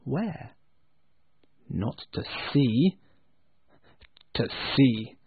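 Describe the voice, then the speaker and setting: Slow, expressive male storyteller. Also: medium pitch, slight background noise. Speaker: narrator. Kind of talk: storybook narration. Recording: tinny phone-like sound.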